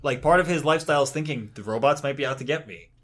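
A man chatting casually on a comics podcast, easygoing and quick to laugh. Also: medium pitch, a bit bright. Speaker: podcast co-host. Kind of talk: casual comedic chat.

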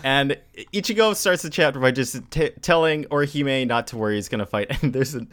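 A man's voice: mid-range voice, normal speed, fairly bright tone. A man hosting a casual podcast chat, recapping a story and laughing often. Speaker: podcast host.

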